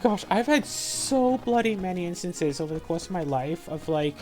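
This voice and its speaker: A woman's voice: lowish voice, animated, normal speed, a little mellow, soft background music. A young woman hosting a game playthrough, rambling and venting in a frustrated, sarcastic way as she plays. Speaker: let's play host. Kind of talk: casual commentary while gaming.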